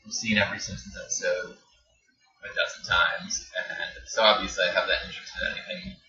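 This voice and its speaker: A man appearing as a podcast guest, relaxed and chuckling, with many filler words. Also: on the low side, brisk. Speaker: podcast guest, design business owner. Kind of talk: casual podcast chat. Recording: distant, roomy, dull, noisy podcast mic.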